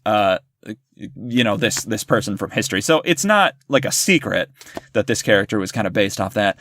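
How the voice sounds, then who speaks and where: A man's voice: fairly low pitch, lively intonation, a little fast, a bit bright. A man co-hosting a podcast, chatting casually and at length about a film, often restarting his sentences. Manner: talkative, restarts and explains at length. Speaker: podcast co-host. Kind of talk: casual movie discussion.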